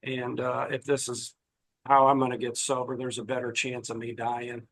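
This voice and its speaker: A man giving a personal recovery share at a meeting, halting, with many fillers and restarts. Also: mid-range voice, monotone, fairly bright tone, poor audio. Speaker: meeting attendee sharing.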